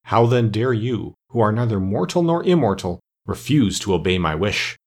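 A man's voice: on the low side, lively intonation, moderate pace. A man voicing a grave, commanding ancient immortal master of the forests in a storybook reading. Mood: stern. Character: stern ancient male immortal master woodsman.

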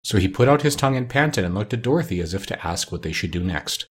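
A man narrating a storybook reading in a steady, measured way. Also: fairly low pitch, husky.

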